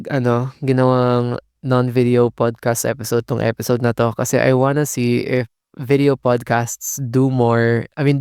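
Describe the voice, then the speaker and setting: Gravelly, smooth-voiced Filipino guy. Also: mid-range voice, a little mellow, no room sound, clean studio sound. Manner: Taglish code-switching, rambling with fillers and swearing. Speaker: podcast host. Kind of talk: casual solo podcast chat. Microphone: podcast mic, audio only.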